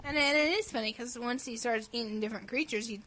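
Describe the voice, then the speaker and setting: A woman co-hosting a casual gaming podcast, giggly and animated, who often acts out silly voices. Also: on the high side, fast. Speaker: podcast co-host.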